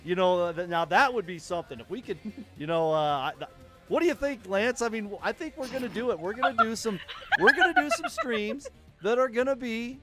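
A man's voice: high-pitched, big pitch swings, brisk, music in the background. A man hosting a casual livestream podcast, rambling and chatty as he restarts his sentences. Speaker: podcast host.

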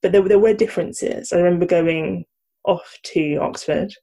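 A woman's voice: fairly low pitch, moderate pace, gravelly, mellow. A woman from South London, reflecting in a casual chat. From Croydon, South London. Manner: reflective, laughs now and then.

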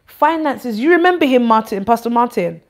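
Woman, church leader, informal address, high voice, animated, teasing, scolding. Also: normal speed.

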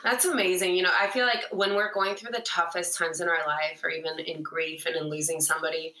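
A woman's voice: fairly low pitch, fairly even intonation, fairly quick, bright, forceful tone, echoey room, rough recording. A woman hosting a podcast, asking conversational questions in an encouraging way. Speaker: podcast host. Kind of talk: interviewing conversationally.

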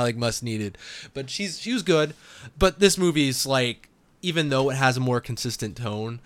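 A man of middle pitch talking casually as a podcast co-host. He's animated and quick to laugh, with "like" all through his talk. The sound is dry and close, with no room echo. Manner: animated and laughing, heavy use of "like".

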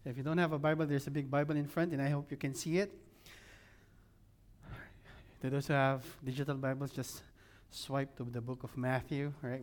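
A man preaches as senior pastor in a church service. His voice sits at a medium pitch as he reads scripture and prays, calling on the Lord again and again. He keeps asking the congregation questions and repeats his main lines to drive them home. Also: little pitch movement, fairly quick, hardly any pauses. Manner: engages the audience with repeated questions; repeats key phrases for emphasis. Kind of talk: sermon with scripture reading and prayer. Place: church service room with an audience.

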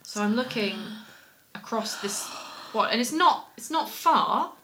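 A woman co-hosting a podcast, telling a story in rambling, animated casual chat. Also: on the high side, unhurried, background noise. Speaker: podcast co-host.

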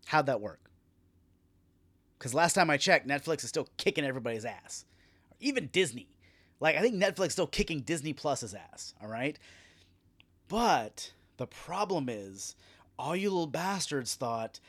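A man's voice: fairly high pitch, sing-song, normal speed, pauses often, a bit bright. A man hosting a solo podcast, ranting with sarcasm and a lot of swearing. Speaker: podcast host.

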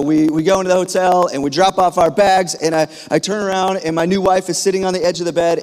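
A man in his thirties gives a sermon in a church hall, his slightly high voice trailing off into long reverb. He tells a personal story loosely, with many fillers and restarts. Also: darkish tone. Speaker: pastor.

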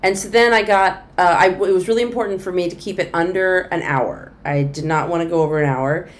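A middle-aged woman comedian telling a long story in a conversational interview, animated and acting out the voices of the people she quotes. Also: fairly low pitch, fairly quick.

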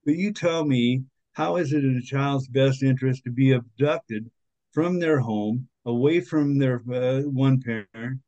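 A man talks in an earnest, indignant way, pausing often on fillers as he makes his case. His voice sits at an ordinary pitch. The recording is dry and a bit dull, with no room sound. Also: mellow, no echo. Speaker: podcast guest, author and activist. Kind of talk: conversational interview.

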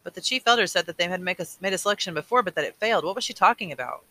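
A man's voice: sits high, expressive, very fast, pushed and bright, voice pushed up, exaggerated voice. A man reading aloud as a twelve-year-old boy, voicing his earnest, uneasy questions lightly. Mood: curious.

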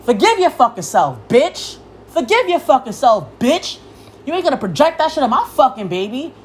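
Heated high-pitched young woman ranting. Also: big pitch swings, moderate pace, a little hiss or hum. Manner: heated, cursing freely, yelling at times. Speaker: podcast host. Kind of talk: profane rant.

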